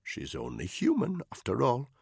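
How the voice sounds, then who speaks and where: A man voicing a shifty, wary soldier who talks low and mutters, in an audiobook. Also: wildly swooping pitch, normal speed, creaky, slightly rough, dry recording, clean studio sound, heavily acted. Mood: hushed.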